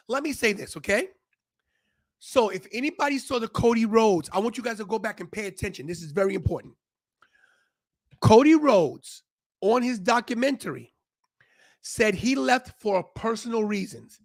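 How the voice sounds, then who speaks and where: A man's voice: high voice, lively intonation, normal speed, dry recording, studio quality. Brash, ranting podcast host man. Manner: brash, ranting, rambling with restarts. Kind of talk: live-stream watch-along rant.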